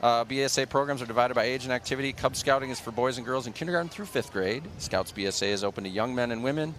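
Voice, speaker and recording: A man's voice: medium pitch, fast, a bit bright, a little hiss or hum. A man doing live commentary on a local TV broadcast of a street parade. He reads sponsor blurbs and chats casually with his co-host.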